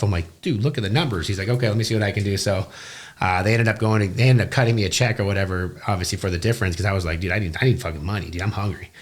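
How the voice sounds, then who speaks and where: A man telling his story in a casual interview, animated and full of swearing. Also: on the low side. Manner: fast, profane, animated storytelling. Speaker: guest, business owner.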